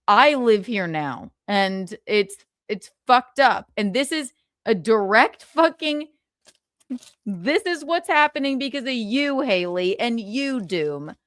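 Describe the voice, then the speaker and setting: A woman's voice: a little high, expressive, slow, a bit bright, dry recording, studio quality. Profane, sarcastic woman livestream host. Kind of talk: casual livestream gossip.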